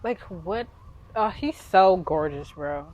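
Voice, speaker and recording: Excitable woman reacting to a music video. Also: lowish voice, slow pace, dull audio. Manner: excitable, teasing, exclaims often. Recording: faint music in background. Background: music video playing faintly.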